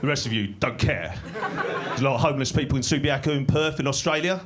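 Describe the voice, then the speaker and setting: A man doing stand-up comedy in a small club, delivering dry, deadpan one-liners that break into sudden shouted bursts. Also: mid-range voice, a little fast, background noise. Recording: live club recording with audience laughter. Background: crowd laughing.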